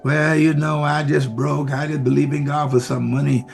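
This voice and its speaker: A preacher voicing a weary, broke churchgoer who grumbles in a low, self-pitying mumble. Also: male voice, flat delivery, moderate pace, vocal fry, soft background music. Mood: grumbling.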